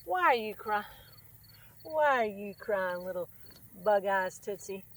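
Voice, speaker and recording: A woman's voice: mid-range voice, expressive, takes it slowly, a bit bright, far from the mic. A woman voicing a stern, bossy male rooster who talks in a firm, matter-of-fact way.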